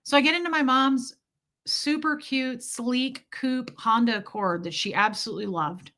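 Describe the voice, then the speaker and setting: A woman's voice: high voice, moderate pace, a bit bright. A woman in her thirties telling a candid personal story to her live chat, swearing freely and answering viewers by name. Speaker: streamer.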